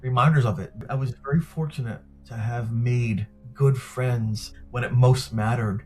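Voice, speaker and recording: Middle-aged man recounting a story, animated. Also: mid-range voice, moderate pace, soft background music. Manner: animated, acts out quoted dialogue. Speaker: interview guest.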